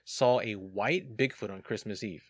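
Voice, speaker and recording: A man's voice: lowish voice, normal speed, husky, dry recording. A man hosting a casual podcast, reading sighting reports aloud and joking about them. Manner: jokey, reads reports aloud with asides.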